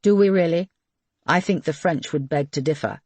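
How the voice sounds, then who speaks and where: A woman voicing a reserved young male RAF pilot who speaks in a dry, understated way, a little low in pitch. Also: moderate pace, a little mellow, dry recording. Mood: grave.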